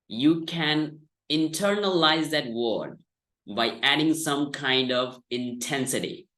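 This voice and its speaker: Slow, patient male English teacher. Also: medium pitch, sharp tone. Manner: patient, explanatory, exaggerates stressed syllables for demonstration. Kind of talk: online language lesson. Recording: echoey room.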